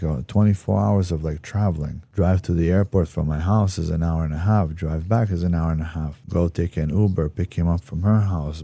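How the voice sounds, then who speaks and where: Deep-voiced man telling his story emphatically. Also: creaky, dark tone, dry recording. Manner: emphatic, acts out quoted dialogue with rising energy. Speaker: podcast guest. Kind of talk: personal storytelling interview.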